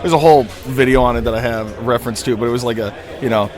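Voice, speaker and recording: A man on a live panel who tells quick, animated stories and readily agrees with the others. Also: mid-range voice. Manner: animated, agreeable, laughs at his own stories. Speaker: veteran dungeon master guest. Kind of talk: casual panel chat. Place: outdoor festival stage. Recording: live outdoor recording with music. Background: music playing.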